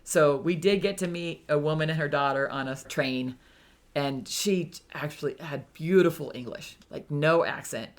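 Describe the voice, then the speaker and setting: As a guest in a relaxed interview, this retired firefighter from Hawaii, an older woman, recounts her travels with animation, imitating the people she encountered. She speaks at a moderate pace in a low voice.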